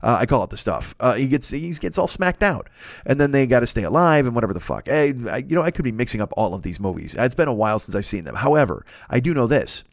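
A man's voice: mid-range voice, very animated, fast, creaky, no room sound, clean studio sound. A man hosting a comedy podcast, riffing in a profane, rambling mock-rant. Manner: profane, riffing, mock-ranting with put-on voices. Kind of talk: rambling comic monologue.

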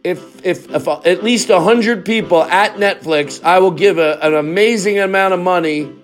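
A man's voice: sits high, moderate pace, faint music behind. A man hosting a comedy podcast, rambling and repeating lines for laughs. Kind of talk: rambling comic monologue.

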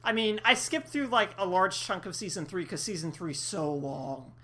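Woman co-host, low bright voice, loose rambling chat. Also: expressive, normal speed. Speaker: podcast co-host. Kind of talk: casual chat.

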